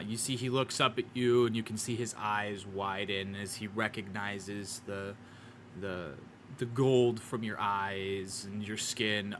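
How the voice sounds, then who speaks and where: Relaxed male game master. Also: lowish voice, a little hiss or hum. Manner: relaxed, with many fillers and restarts. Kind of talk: narrating a tabletop game.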